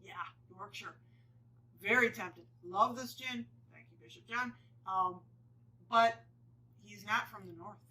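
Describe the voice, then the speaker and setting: Casual home vlogger, female, bright tone, meandering chatty delivery, slightly distant mic. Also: medium pitch, slow, pauses often. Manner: rambling, many fillers and restarts. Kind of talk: casual chat to camera.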